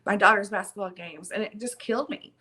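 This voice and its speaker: A woman's voice: medium pitch, a little fast, pushed and bright. A middle-aged woman telling her story animatedly as an interview guest, with lots of ums and emphasis.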